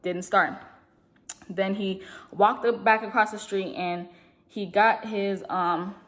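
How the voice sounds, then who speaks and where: A young woman vlogger telling a long story in a casual, rambling way, talking fast and full of fillers. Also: medium pitch, fairly even intonation. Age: young adult. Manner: speaks fast.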